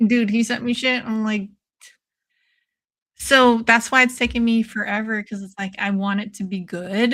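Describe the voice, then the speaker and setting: A woman hosting a casual watch-along stream, excitable and swearing freely, calling everyone "dude" while taking shots. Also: a little high, a little slow. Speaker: livestream host.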